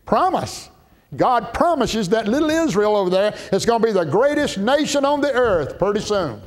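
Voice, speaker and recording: Man, pastor preaching, high voice, emphatic and drawn out. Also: very animated. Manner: emphatic, slow drawn-out preaching, rising to shouts. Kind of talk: Baptist sermon.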